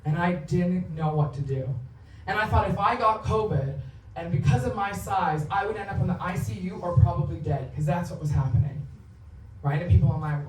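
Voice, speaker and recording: A woman's voice: lowish voice, brisk, darkish tone, slight background noise. Woman in her thirties doing candid stand-up. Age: 30s. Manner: candid, profane, storytelling. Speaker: stand-up comedian. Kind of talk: confessional stand-up set. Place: theatre stage. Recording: roomy, distant live theatre recording.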